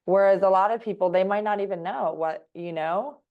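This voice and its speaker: A woman hosting a podcast in casual chat, reacting with quick interjections and follow-up questions. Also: medium pitch, phone-quality sound. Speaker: podcast host.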